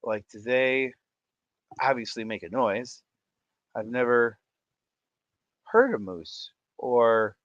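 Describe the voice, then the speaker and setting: A man in his thirties chats on a livestream in an unhurried, drawn-out way, with a bright and forceful tone. He is goofy and excitable and often breaks into laughter. The sound is close and dry, with no room around it. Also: mid-range voice, dry recording, dull audio. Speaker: livestream host. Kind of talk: casual livestream chat.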